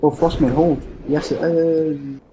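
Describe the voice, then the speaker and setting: A man's voice: a little high, steady tone, slow pace, background noise. A man, rambling through a story and swearing freely while chatting with friends during an online game. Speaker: gamer chatting on voice call. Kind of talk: casual chat.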